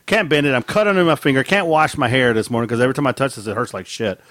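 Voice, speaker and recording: There's no echo on this recording of a middle-aged podcast co-host of Mexican heritage whose somewhat bright voice races along. He's a profane, laughing storyteller, rambling casually with big swings in pitch.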